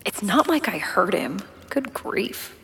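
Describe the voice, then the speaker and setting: A woman's voice: mid-range voice, very animated, takes it slowly, gravelly, a bit bright, slightly rough, exaggerated voice. An actress playing a smug, teasing young woman who talks playfully.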